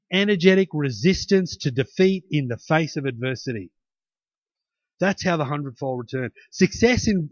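A man's voice: a little high, dry recording, highs cut off. A middle-aged man preaching a sermon, telling stories in a conversational way and rising to emphatic peaks. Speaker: pastor.

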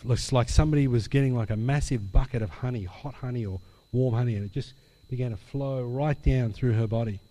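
Brief: male pastor, mid pitch, lively sermon storyteller, big hall reverb. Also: fairly quick. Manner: animated storyteller acting out dialogue.

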